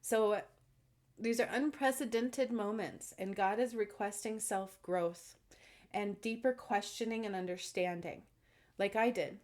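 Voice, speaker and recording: A woman speaks earnestly and emphatically to her viewers in a casual vlog. She keeps checking in with "okay?", and her voice sits at a medium pitch. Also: unhurried, darkish tone. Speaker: self-described spiritual channeler. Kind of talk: casual monologue to camera.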